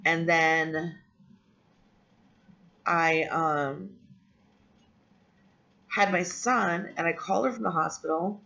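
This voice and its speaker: A woman's voice: fairly low pitch, fairly even intonation, slow, vocal fry, pauses often, sharp tone. Candid woman vlogger, dull lo-fi sound. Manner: candid, rambling, with frequent ums and restarts. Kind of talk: personal storytelling to camera. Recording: dull lo-fi audio.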